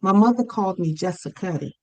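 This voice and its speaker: A woman author chatting as a podcast guest, telling animated stories and acting out her parents' voices. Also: medium pitch, fast, poor audio. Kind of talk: casual podcast conversation.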